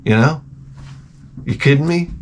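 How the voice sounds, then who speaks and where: A middle-aged man hosting a casual show, telling rambling, profane stories and jumping into loud, high-pitched exclamations when he quotes himself. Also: measured pace, a little hiss or hum. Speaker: host. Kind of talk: casual storytelling rant.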